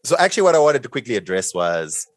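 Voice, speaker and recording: A man's voice: medium pitch, big pitch swings, quick pace, dry recording. A man hosting a podcast in casual chat, opinionated and wry, steering the talk along. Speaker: podcast host.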